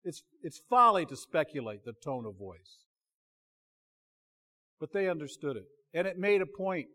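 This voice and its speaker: High-voiced conversational preacher. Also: male voice, sing-song, measured pace, long pauses. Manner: conversational, self-interrupting, drops to quiet emphasis. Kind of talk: sermon.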